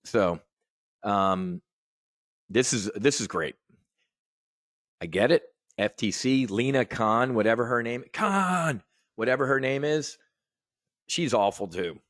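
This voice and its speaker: A man's voice: medium pitch, expressive, slow pace, pauses often, a bit bright, no echo, studio quality. Blunt, profane man ranting about markets. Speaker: host of a trading brief. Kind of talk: live market commentary rant.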